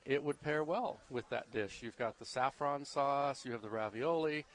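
A man appearing as a wine merchant guest on a radio show, speaking in a relaxed, hesitant way with many fillers. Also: mid-range voice, moderate pace. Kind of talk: radio interview.

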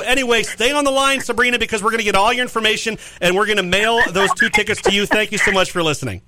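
A man hosting a call-in radio quiz from a studio, joking with callers in quick, upbeat patter. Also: high-pitched, sharp tone. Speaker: radio show host.

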